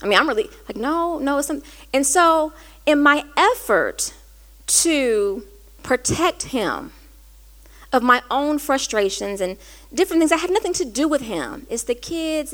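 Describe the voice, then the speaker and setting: A woman hosting, telling a personal story in an earnest, conversational way that turns animated when she quotes herself. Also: sits high. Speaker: host.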